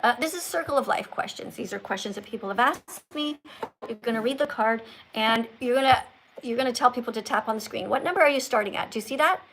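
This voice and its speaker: A woman's voice: a little high, quick pace, a bit bright, a little hiss or hum. A woman in her sixties hosting a livestream, chatting casually, teasing callers and reading viewer comments aloud. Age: 60s. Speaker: livestream host.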